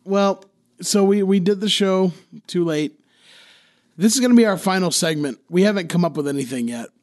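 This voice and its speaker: Joking podcast host with a Charleston drawl. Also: male voice, high voice, normal speed, a little mellow. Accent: Charleston Southern. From Charleston, South Carolina. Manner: joking, wrangling the show along. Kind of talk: casual chat.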